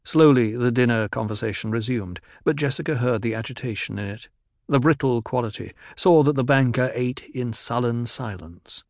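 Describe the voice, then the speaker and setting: A man narrating a story in a steady, even storytelling manner. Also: medium pitch, moderate pace, no echo, studio quality. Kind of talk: scripted audiobook narration.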